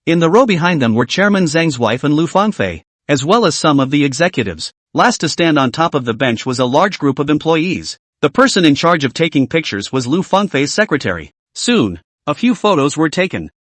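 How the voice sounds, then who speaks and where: A man narrating a comic story recap in a brisk, scripted storytelling manner. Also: on the high side, no room sound.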